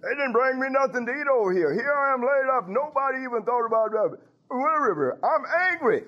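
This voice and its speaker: A man's voice: very high-pitched, lively intonation, a little fast, pitched above the performer's own voice. A man voicing an angry bedridden woman who scolds and complains in a whiny, indignant voice. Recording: dull lo-fi recording.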